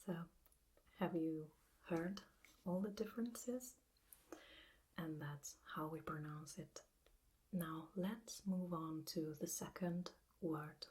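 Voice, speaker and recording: Italian-accented woman, whispered ASMR lesson, breathy, very slow, lowish pitch. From Italy. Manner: slow soft whisper, hesitant fillers. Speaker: language teacher.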